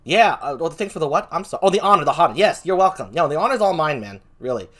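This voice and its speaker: A man's voice: fairly high pitch, lively intonation, fast, fairly bright tone. A man hosting a casual livestream talk show, playful and giggly, with big showman announcer bursts. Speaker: host.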